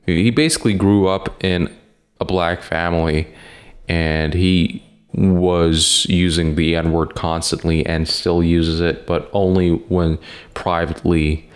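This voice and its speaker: Deep-voiced rambling podcast host man. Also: steady tone, slow. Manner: rambling, hesitant with many fillers, swears casually. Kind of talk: casual chat.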